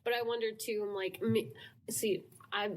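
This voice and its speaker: A woman's voice: on the high side, steady tone, moderate pace, a little hiss or hum. A woman guest on a casual book podcast, chatty and wondering aloud.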